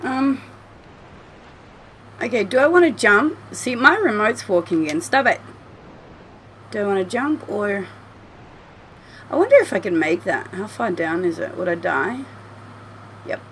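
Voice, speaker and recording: Slow, bright-voiced woman gamer. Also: mid-range voice, big pitch swings, a little hiss or hum. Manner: chatty, swears freely, talks to the game. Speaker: gameplay streamer. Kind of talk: let's play commentary. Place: home.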